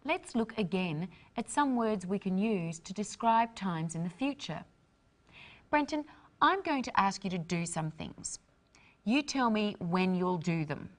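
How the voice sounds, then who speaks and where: A woman presenting an English lesson with clear, deliberate, instructive delivery. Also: mid-range voice, animated. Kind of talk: scripted teaching narration.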